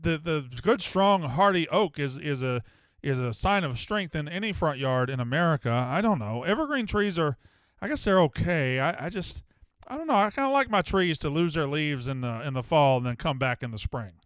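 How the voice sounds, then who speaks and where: Smooth-voiced rambling male talk show host. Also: fairly high pitch, animated, normal speed, fairly bright tone, no echo, clean studio sound. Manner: rambling, profane, joking. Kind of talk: casual sports talk show.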